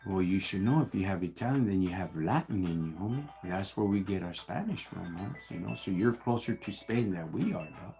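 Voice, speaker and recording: A man's voice: low-pitched, lively intonation, brisk, few pauses, warm tone, soft background music. A man raised in the United States, hosting a casual livestream and answering viewer questions in laid-back street slang, calling everyone homie and dog.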